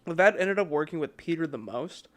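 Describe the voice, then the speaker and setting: A man's voice: on the high side, a little fast. A man co-hosting a podcast, telling a story in casual chat with lots of fillers and chuckles. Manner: relaxed, many fillers and chuckles. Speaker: podcast co-host.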